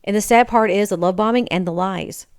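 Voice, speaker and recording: A woman's voice: mid-range voice, brisk, smooth, no room sound, studio quality. A woman hosting her own podcast, talking in a candid, frustrated, confessional way, emotionally raw. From Michigan, USA. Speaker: podcast host. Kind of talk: casual personal monologue.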